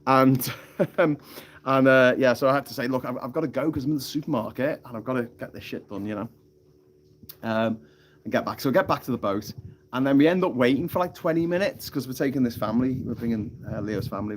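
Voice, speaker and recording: A man's voice: mid-range voice, fast, a little hiss or hum. A man hosting a casual live stream, telling a rambling story with frequent laughs and some swearing, speaking into a phone outdoors on an island.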